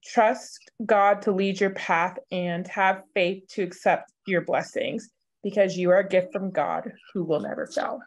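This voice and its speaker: A woman reads a list of affirmations in a steady, earnest voice. Her pitch sits in an everyday middle range. She keeps an even reading rhythm throughout. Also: measured pace. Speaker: cast member.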